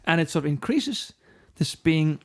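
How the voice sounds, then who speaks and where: Blunt, profane Icelandic rock singer. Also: male voice, a little high, big pitch swings, moderate pace. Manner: frank and profane, acts out quoted dialogue. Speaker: rock band frontman, guest. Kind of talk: candid interview storytelling.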